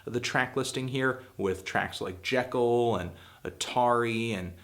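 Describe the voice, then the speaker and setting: Speaking a little slowly in a medium, slightly bright voice, this music critic and show host reviews an album casually on his own show. His delivery is blunt and packed with hedging fillers, occasionally growing emphatic and exasperated.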